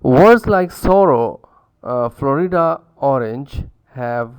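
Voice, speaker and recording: A man giving a recorded lecture, halting with many fillers and self-corrections, repeating words aloud to show how they are pronounced. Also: medium pitch, gravelly. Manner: repeats words to demonstrate pronunciations. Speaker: university lecturer.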